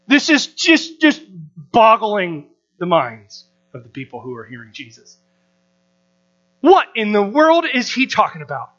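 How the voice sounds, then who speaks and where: A man's voice: high voice, wildly swooping pitch, a little slow, a bit bright. An American man preaching a sermon to a live audience, emphatic and full of rhetorical questions, on a dull lo-fi recording with mains hum. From United States.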